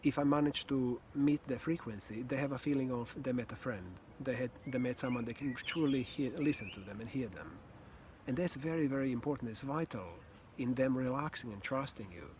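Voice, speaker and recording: Man, voice coach, calm and earnest, unhurried reflective delivery, faint hiss behind. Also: mid-range voice. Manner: calm, earnest, slow with pauses, occasional sighs and soft laughs. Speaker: communication and voice coach. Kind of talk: reflective teaching talk.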